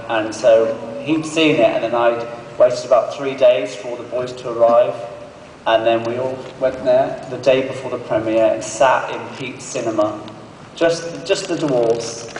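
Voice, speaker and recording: A male actor on a convention panel, telling an animated story and acting out the quotes. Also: medium pitch, normal speed. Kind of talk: anecdote told to an audience. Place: large convention hall. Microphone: phone recording from the audience. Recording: echoey hall from far off, faint noise.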